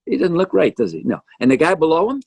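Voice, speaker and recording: A man's voice: on the high side, quick pace, gravelly, dry recording. An older man giving casual, joking commentary on his own music video, with teasing asides about each person on screen. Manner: jokey, animated, teasing asides. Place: home.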